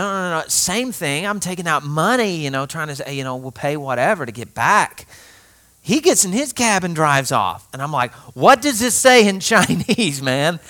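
Casting: male pastor, conversational sermon, animated storyteller who laughs often and talks directly to the congregation. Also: fairly high pitch. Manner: conversational, speaks straight to listeners.

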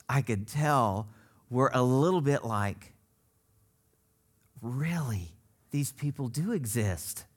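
A man's voice: medium pitch, a bit bright. A middle-aged man from Missouri preaching a sermon as pastor, telling stories with laughs and quoted voices. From Missouri, United States.

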